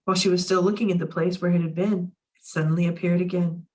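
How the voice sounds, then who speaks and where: A woman reading a children's novel aloud for a library in a lively, expressive way. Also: fairly low pitch, quick pace, far from the mic. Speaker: library storytime reader.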